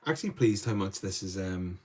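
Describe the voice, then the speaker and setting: Streaming a painting demo live from an indoor studio, a fairly low-voiced man murmurs through each step like he's thinking out loud. He speaks animatedly and a little fast, and his voice rises whenever he welcomes viewers or takes their questions.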